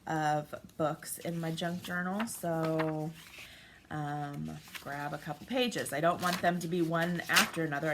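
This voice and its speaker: A woman in her forties giving a casual craft tutorial at home, chatty and thinking aloud with frequent ums. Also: low-pitched. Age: 40s. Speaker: craft vlogger. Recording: steady background noise, paper crinkling.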